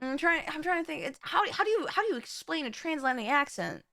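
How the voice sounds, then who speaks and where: A woman's voice: high-pitched, sing-song, fast, bright, forceful tone, no room sound. A woman streamer chatting casually with her viewers, rambling, giggling and stumbling over restarts. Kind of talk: casual live-stream chat.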